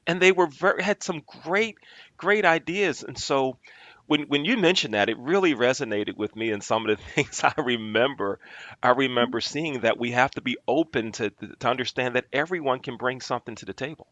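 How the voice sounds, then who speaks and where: A man's voice: medium pitch, brisk, fairly bright tone, dry recording, lo-fi sound. A man hosting a casual podcast interview, telling stories with frequent restarts. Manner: storytelling with restarts. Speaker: podcast host.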